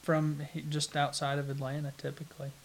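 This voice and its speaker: A man with a Southern US accent, answering interview questions in an unhurried, plain-spoken way with halting restarts. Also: a little high, monotone, gravelly, a little hiss or hum. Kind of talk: casual interview conversation.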